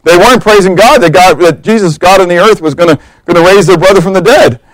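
Talking fast in a high-pitched voice, a preacher animates his sermon with funny stories and acted-out quotes. The recording is dry and rough.

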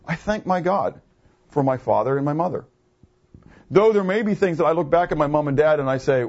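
A man's voice: on the high side, lively intonation, fairly quick, a little mellow. A man in his fifties preaching a conversational sermon, asking his listeners questions and answering them himself. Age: 50s. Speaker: pastor. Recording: muffled, lo-fi recording.

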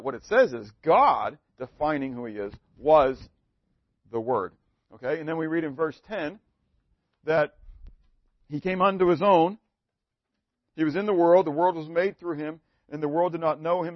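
A man preaching a sermon in a somewhat high voice, asking his listeners questions and answering them himself. He swings from emphatic to very soft and low. The sound is dry and a little muffled. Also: no room sound.

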